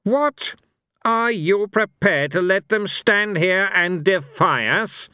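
Man voicing a haughty god of fate, measured, cold, deliberate, storybook. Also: high-pitched, lively intonation, bright, forceful tone, clear, resonant tone, no room sound, clean studio sound, voice pushed up, full character voice.

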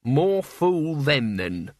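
A man's voice: on the high side, sing-song, no echo, voice pushed up, heavily acted. A man doing a surly old grumbling servant. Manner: slow, grudging growl. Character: grumpy old male wizard servant, surly.

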